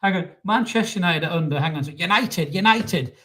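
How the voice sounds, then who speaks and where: Sweary football fan host. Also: male voice, sits high, fairly quick. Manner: sweary, jokey, repeats words when excited. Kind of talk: live post-match reaction chat.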